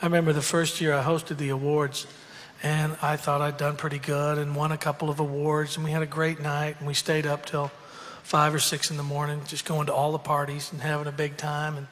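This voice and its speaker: Man spinning a casual story, fairly high voice, rambling, reverberant hall with faint hum. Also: fairly bright tone. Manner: rambling, full of fillers, laughing asides. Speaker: country singer telling a story.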